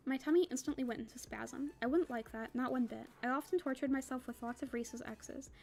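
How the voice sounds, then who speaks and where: Fast, bright-voiced young woman reading aloud. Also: high-pitched, creaky. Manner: quick reading with casual asides. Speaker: book club reader.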